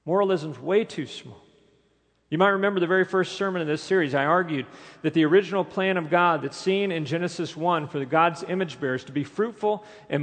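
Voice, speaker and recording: A male pastor delivering an emphatic sermon, asking the congregation question after question. His voice sits a little high and carries a gravelly edge. The sound rings with the long reverb of a large church hall. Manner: emphatic preaching with rhetorical questions.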